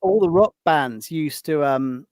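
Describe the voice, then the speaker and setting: A man's voice: fairly high pitch, unhurried, clear, resonant tone, no echo. A man, a podcast guest and author, telling anecdotes in casual chat, restarting his sentences as he goes. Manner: lively storyteller with frequent restarts.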